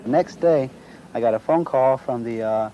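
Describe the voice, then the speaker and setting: A middle-aged man tells his own story in an interview, voicing each exchange as he goes. His mellow, darker-toned voice sits over a faint hiss of background noise. He talks at an ordinary, mid-range pitch. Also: moderate pace, highs cut off. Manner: acts out quoted dialogue while retelling. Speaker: eyewitness interviewee. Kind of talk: recounting a personal story in an interview.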